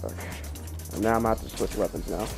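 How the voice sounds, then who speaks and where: Young guy gaming commentary in his room, cussing, annoyed, voice all over the place, game music loud underneath. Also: fairly low pitch, racing, creaky. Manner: swearing, easily annoyed, excitable outbursts. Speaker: gameplay commentator.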